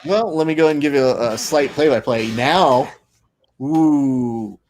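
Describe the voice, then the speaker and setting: A man from the United States hosting a casual watch-along chat, earnest and quick to laugh. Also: on the high side, expressive, a crowd in the background. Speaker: podcast host and grappling commentator.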